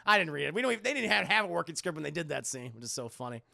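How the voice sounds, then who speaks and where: Gravelly, high-voiced male streamer. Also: sing-song, very fast, pushed and bright. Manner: profane, chatty, talks to chat. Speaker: streamer reviewing a film. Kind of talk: casual live-stream commentary.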